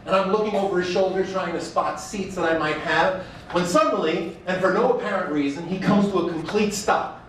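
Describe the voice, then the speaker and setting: High-voiced man. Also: slight background noise. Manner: wry, animated storytelling with mock quotes. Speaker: speaker. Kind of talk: stand-up style speech. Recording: echoey room, mic far off.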